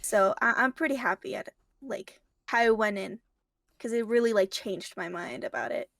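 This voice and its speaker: A woman chatting casually as a guest, animated and giggly as she retells things. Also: on the high side, moderate pace, no room sound, studio quality. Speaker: guest reviewer. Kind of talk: casual chat.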